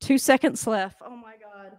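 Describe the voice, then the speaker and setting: A woman hosting a casual live football reaction, excitable and swearing, often laughing and talking straight to the coach. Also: fairly high pitch, normal speed, no echo, studio quality. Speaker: sports reaction host. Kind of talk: casual live game commentary.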